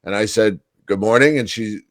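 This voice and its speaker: A hoarse man with a New York accent co-hosting a casual fan podcast, telling stories in an animated way. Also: lowish voice, normal speed. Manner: animated storyteller, hoarse from yelling. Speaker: podcast co-host. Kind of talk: casual hockey fan chat.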